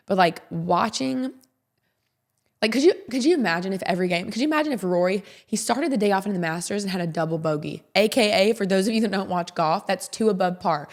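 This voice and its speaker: A woman's voice: medium pitch, lively intonation, moderate pace. A woman hosting a podcast in a casual, rambling monologue, openly emotional and often repeating herself. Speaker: podcast host.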